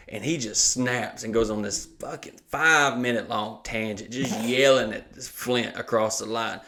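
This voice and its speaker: A man co-hosting a podcast tells stories casually at a moderate pace with few pauses, his medium-pitched voice fairly bright. He swears, laughs often, and acts out the people he quotes.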